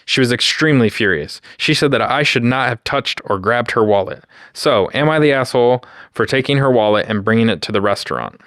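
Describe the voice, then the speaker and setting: A man co-hosting a podcast, reading a story aloud in a steady, matter-of-fact way. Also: medium pitch, a little fast, hardly any pauses, dry recording, clean studio sound. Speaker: podcast co-host reading stories.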